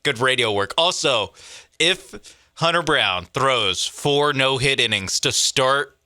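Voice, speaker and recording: A man's voice: mid-range voice, lively intonation, takes it slowly, pushed and bright, no room sound, studio quality. A man co-hosting a sports talk show, joking and playful in banter. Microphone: studio microphone.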